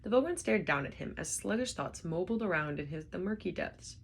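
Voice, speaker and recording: A woman reading a novel aloud with expressive storybook narration. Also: fairly low pitch, a little fast, gravelly, slight background noise. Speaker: reader.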